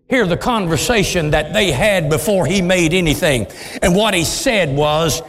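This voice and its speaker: A man preaching a sermon with impassioned, dramatic swings, dropping into deep voices for emphasis. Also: normal speed. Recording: long hall reverb.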